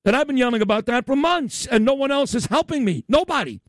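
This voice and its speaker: Loud ranting talk radio man. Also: extremely high pitch, expressive, fast talker, no echo, clean studio sound. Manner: loud, combative, sarcastic ranting. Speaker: radio talk show host.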